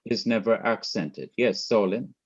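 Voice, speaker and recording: A man's voice: lowish voice, a little slow, slightly rough, muffled recording. A man from Jamaica teaching a Hebrew class online, explaining patiently and repeating his points.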